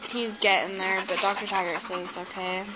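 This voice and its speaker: A woman in a home video, calmly chatting aside to the person filming. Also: mid-range voice, brisk, heavy background noise. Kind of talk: casual chat in a home video.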